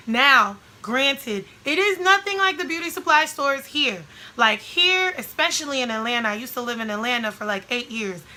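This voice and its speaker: A woman vlogging casually to camera, frank and emphatic with rambling asides, her voice slightly hoarse and a little short of breath. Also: fairly high pitch, bright, forceful tone, low-quality recording.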